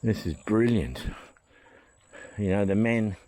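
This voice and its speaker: A man hosting a travel vlog, walking an overgrown historic site and thinking aloud with excited, rambling asides. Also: lowish voice, slow. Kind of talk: casual vlog commentary while walking. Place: outdoors, overgrown hillside.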